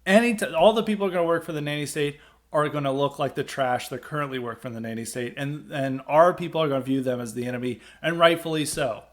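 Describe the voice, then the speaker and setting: A man talks through a political commentary monologue on his podcast. His voice sits a little high for a man, and he rambles with frequent fillers and restarts before landing emphatic bursts. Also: fast talker. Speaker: podcast host.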